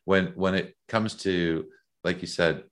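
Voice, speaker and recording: An interview guest with an extremely deep voice speaks in a reflective, measured way. He pauses often and fills the gaps with small fillers as he thinks. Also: fairly even intonation. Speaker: guest, author. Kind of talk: conversational interview.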